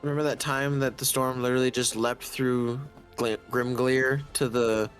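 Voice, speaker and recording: A man's voice: mid-range voice, level tone, normal speed, faint music behind. A man playing a tabletop game, joking around with the group. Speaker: player. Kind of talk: casual tabletop play.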